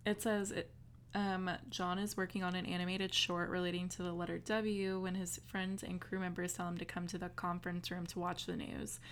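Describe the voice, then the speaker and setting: A woman's voice: fairly low pitch, flat delivery, moderate pace, slight background noise. A woman co-hosting a podcast, chatting casually and peppering her speech with "like". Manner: chatty, lots of "like". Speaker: podcast co-host. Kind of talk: casual chat.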